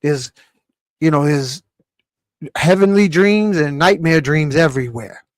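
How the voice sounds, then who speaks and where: A man hosting a live talk show, lecturing in an emphatic, animated way. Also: on the high side, measured pace, no echo. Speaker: show host.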